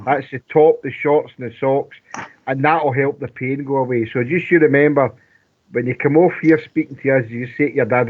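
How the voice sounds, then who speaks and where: A man's voice: mid-range voice, fairly even intonation, a little fast. A man with a Scottish accent co-hosting a fan radio show, chatting jokily about football and reading out listener messages. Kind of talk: casual football chat. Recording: tinny phone-like line.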